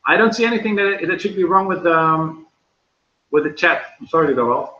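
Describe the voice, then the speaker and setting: A man's voice: lively intonation, brisk. A young man with a Dutch accent, chatting casually and laughing as he hosts a livestream and reads the chat aloud. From Netherlands. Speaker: vlogger hosting a livestream. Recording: echoey room, dull low-fi sound.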